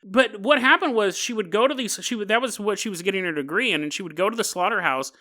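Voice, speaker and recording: A podcast host with a high-pitched, bright, forceful man's voice talks fast. In a casual solo monologue he rambles through a story, cracking jokes and often laughing mid-sentence.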